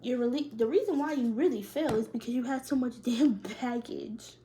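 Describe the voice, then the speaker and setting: A young woman gives a casual tarot reading, full of slang, swearing and laughter. Her voice sits high but sounds mellow and soft-edged. A faint hiss runs under the home recording. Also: normal speed. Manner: loose, slangy and profane, laughing often. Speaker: tarot reader.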